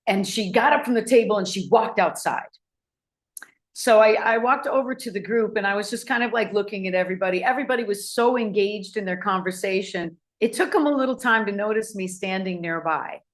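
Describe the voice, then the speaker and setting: A woman telling a personal anecdote to an audience, animated and acting out the people in it. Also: medium pitch, a little fast. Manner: animated, acts out voices in anecdotes. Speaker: speaker. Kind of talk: storytelling talk to an audience.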